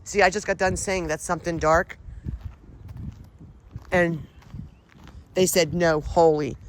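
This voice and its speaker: A woman with a lowish, steady voice speaks slowly with long pauses while vlogging a paranormal walk on sunny rural grounds. She questions spirits aloud and addresses her viewers in this casual ghost-hunting vlog, recorded outdoors with background noise.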